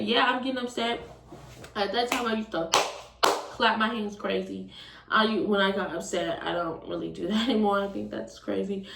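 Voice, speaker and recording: A young woman in her twenties telling a storytime, casual and animated, swearing often. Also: mid-range voice, moderate pace, gravelly. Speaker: vlogger. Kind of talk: storytime vlog. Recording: roomy, distant from the mic.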